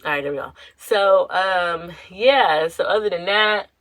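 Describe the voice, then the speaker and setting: Low, bright-voiced young woman podcaster. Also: measured pace, no echo, low-quality recording. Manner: candid, rambling, full of "you know" fillers and slang. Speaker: podcast host. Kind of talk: casual personal podcast talk.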